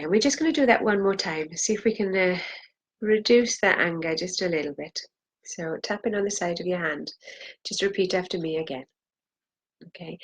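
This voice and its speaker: A woman leading a guided tapping session, saying phrases for the viewer to repeat and pressing harder on the angry lines. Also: lowish voice. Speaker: EFT tapping practitioner.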